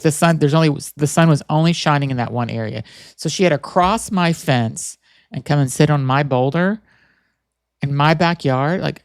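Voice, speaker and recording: A man's voice: on the high side, dry recording, studio quality. A man hosting a podcast, telling a rambling, chatty story full of fillers and restarts. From Boston area. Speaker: podcast host. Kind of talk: casual storytelling monologue.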